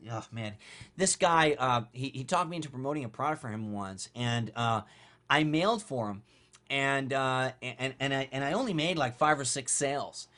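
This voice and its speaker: Blunt, animated man giving marketing advice. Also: a little high. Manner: animated, blunt and conversational, with casual swearing. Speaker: online marketing coach. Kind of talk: casual advice monologue.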